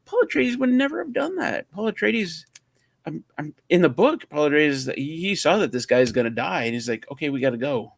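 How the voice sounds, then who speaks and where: A man's voice: fairly high pitch, lively intonation, normal speed, creaky, no echo. A man co-hosting a livestream, chatting casually and rambling as he searches for words. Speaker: livestream co-host. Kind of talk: casual chat.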